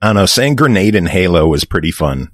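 A man's voice: sits low, big pitch swings, a little fast, no echo, clean studio sound. A man co-hosting a casual interview, joking around with corny one-liners. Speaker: podcast co-host.

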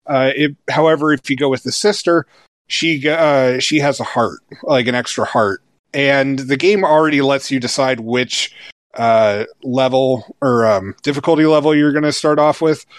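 A man's voice: medium pitch, normal speed, no room sound. Rambling man in his thirties reviewing a game. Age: 30s. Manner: rambling, many fillers and restarts, laughs easily. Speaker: game reviewer, podcast co-host. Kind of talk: casual review chat.

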